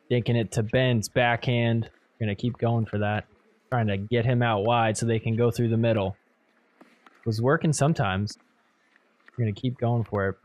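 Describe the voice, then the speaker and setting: A man hosting a podcast, giving animated play-by-play commentary over match replays and laughing often. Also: mid-range voice. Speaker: podcast host. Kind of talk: excited sports recap commentary.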